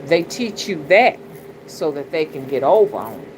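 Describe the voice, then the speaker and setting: A woman's voice: sits low, sing-song, moderate pace. A middle-aged woman talks bluntly and profanely in a casual livestream, preaching her views and often asking "you understand?". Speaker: spiritual reader and channel host. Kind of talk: casual livestream talk, greeting chat. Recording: noticeable background noise.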